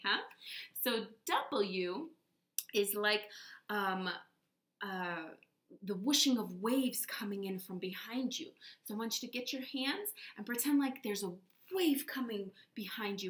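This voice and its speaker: A woman teaching young children letter sounds, slow and encouraging, demonstrating each sound. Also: fairly high pitch, a bit bright, reverberant. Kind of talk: children's phonics lesson.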